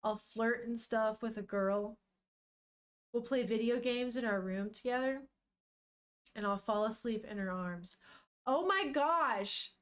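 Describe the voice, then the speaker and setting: A young woman streams herself reading a manga out loud, reacting as she goes. She talks in an animated, unfiltered way, swearing freely and laughing often as she greets her chat. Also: fairly high pitch, measured pace, long pauses, clear, resonant tone.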